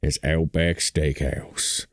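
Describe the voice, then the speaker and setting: A man putting on a slow, deep, folksy voice as a rugged male steakhouse commercial announcer. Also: flat delivery, dry recording, clean studio sound.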